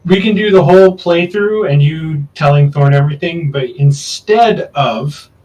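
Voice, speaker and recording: A man running a tabletop game as game master, relaxed and casual, pausing to correct himself. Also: fairly high pitch, lo-fi sound. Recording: distant mic with faint background noise.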